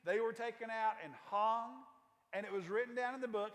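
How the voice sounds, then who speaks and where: A man's voice: high voice, moderate pace, fairly bright tone, big-room sound. A male pastor preaching a sermon in a church, retelling a story in a folksy, conversational way with casual asides. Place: church sanctuary.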